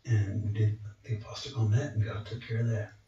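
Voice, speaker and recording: Here the testimony comes in a fairly low, fairly quick male voice, told as a lively story for a church audience with the quoted voices acted out. The sound is distant and dull, with plenty of room echo.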